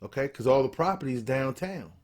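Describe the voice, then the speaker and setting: A man's voice: mid-range voice, lively intonation, brisk, darkish tone. A man giving casual, blunt, profane video commentary, emphatic and repeating himself for emphasis. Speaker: political commentator.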